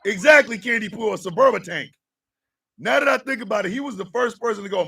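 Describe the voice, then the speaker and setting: A middle-aged man, hosting a morning radio show and telling profane, animated stories with shouted impressions. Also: high voice, fairly quick, creaky, husky, recorded from a distance. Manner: animated storyteller, profane, mimics drill sergeants.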